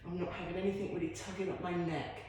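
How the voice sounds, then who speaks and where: A woman's voice: on the low side, flat delivery, fast, darkish tone, a little hiss or hum. A woman leading a home workout as a fitness instructor, chatty and encouraging with self-deprecating asides. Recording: very echoey room.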